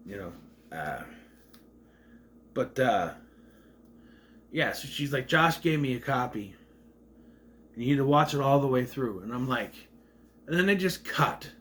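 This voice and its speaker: A man's voice: mid-range voice, fairly bright tone. A man giving a casual, rambling movie rant, with a slight stutter, acting out quotes in raised voices. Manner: mentions a stutter. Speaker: movie reviewer.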